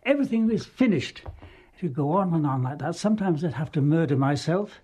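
Male ex-actor, mellow breathy voice, amused rambling memories. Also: on the high side, lively intonation, brisk. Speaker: retired touring actor. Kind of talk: anecdotal storytelling.

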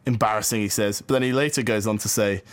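A man's voice: fairly low pitch, steady tone, fast talker, no room sound. A man co-hosting a cricket podcast, chatting in a wry way with frequent fillers. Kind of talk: casual cricket discussion.

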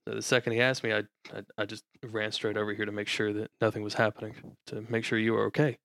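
A man's voice: on the low side, little pitch movement, quick pace, gravelly, a bit bright. A man playing a worried husband who rambles and swears freely. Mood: anxious.

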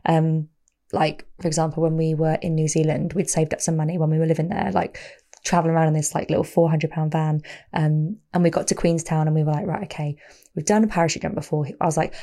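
A young woman chatting as a podcast guest, telling lively stories and laughing easily. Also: low-pitched. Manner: chatty storyteller, quick laughs, acts out voices in anecdotes. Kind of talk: casual podcast chat.

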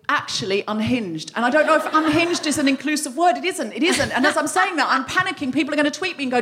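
A woman on stage at a live comedy podcast, spinning a self-mocking tale with a high, bright voice that leaps all over the place as she acts out her own shouting. It was recorded live in a venue with an audience. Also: expressive, fast, few pauses. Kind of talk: live stand-up storytelling.

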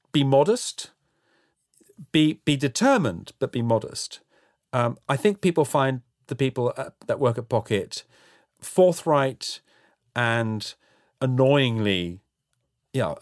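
A middle-aged man answering interview questions frankly and at a measured pace, often restarting his sentences. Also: mid-range voice, no echo, clean studio sound. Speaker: interview guest, housing developer.

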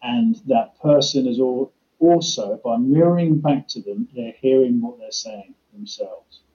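A man's voice: medium pitch, unhurried, dark tone, muffled recording. A man, a communication trainer explaining listening techniques in a practical way with worked examples. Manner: practical, illustrates with acted-out examples. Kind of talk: explaining in a podcast conversation.

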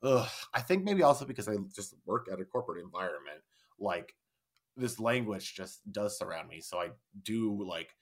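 A man's voice: lowish voice, very animated, normal speed. A man co-hosting a film podcast in casual chat, rambling and swearing freely as he acts out quoted lines. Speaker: podcast co-host.

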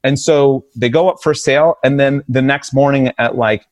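A man's voice: mid-range voice, moderate pace, dry recording. Guy in his 40s on a podcast, tells stories, does the voices, dry studio sound. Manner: animated, acts out quoted voices. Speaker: streetwear brand founder, podcast guest. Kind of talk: casual storytelling.

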